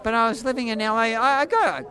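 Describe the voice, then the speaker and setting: A man in his forties with an Australian accent and a high voice often mistaken for a woman's, rambling through stories in an animated, playful way. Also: quick pace. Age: 40s. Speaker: street performer jester. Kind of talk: casual storytelling interview. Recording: faint crowd outdoors.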